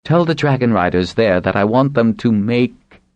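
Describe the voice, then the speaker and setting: A man voicing a commanding, sharp-witted woman who leads dragonriders in an audiobook, speaking firmly and persuasively. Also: mid-range voice, lively intonation, normal speed, no room sound, highs cut off, pitched above the performer's own voice, natural voice.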